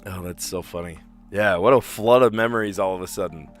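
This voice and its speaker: A man's voice: deep voice, a little fast, faint music behind. A man casually thinking aloud as he reads puzzle clues and works through answers, with frequent restarts. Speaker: streamer playing word puzzles.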